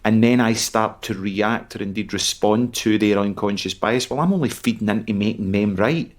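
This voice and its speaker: Scottish man, lower voice, earnest podcast co-host. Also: normal speed. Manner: earnest, explanatory. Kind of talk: casual chat.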